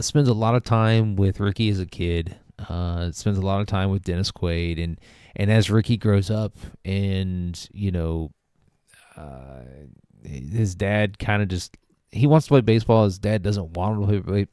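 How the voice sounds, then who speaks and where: A man's voice: deep voice, a little mellow, clear, resonant tone, no room sound, studio quality. A man hosting a casual spoken film review, rambling with many fillers and restarts. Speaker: movie review host.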